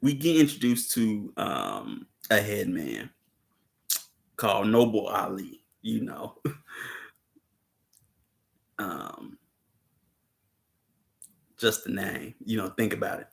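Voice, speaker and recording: Man, casual film talk host, gravelly, lively pitch, laid-back, laughs a lot. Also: slow pace, long pauses. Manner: laid-back, laughs often, many fillers. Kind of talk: casual livestream film discussion.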